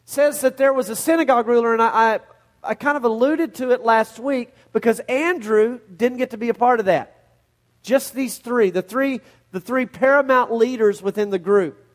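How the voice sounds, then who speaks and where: A middle-aged man preaching a sermon as pastor, telling a Bible story with animated storytelling and acting out the scenes in voices. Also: very high voice, normal speed.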